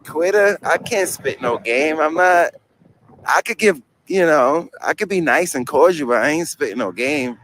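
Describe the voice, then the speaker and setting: A man's voice: a little high, lively intonation, moderate pace, a bit bright, a little hiss or hum. A young man from New York with a New York accent, talking in a slangy, joking, rambling way outdoors on a city street, swearing freely. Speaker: first amendment auditor. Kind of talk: casual street talk to camera and police.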